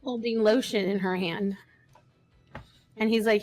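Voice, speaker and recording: Woman streamer, podcast chat, anecdotal and lively in telling, mid-range voice. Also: mid-range voice, a little slow. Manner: storytelling, animated anecdotes.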